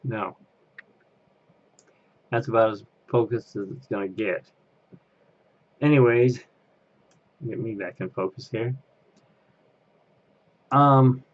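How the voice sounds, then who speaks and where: This is a man with a medium-pitched voice, captured in dull audio. A Disney fan being interviewed on camera, he chats casually, rambling and laughing at himself.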